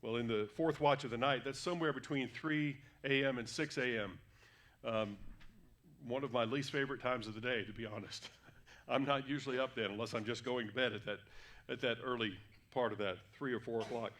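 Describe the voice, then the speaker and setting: Man, sermon, conversational, fillers and self-corrections, mid-pitched voice, church. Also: fairly even intonation, fairly quick, a bit bright. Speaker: guest preacher. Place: church sanctuary.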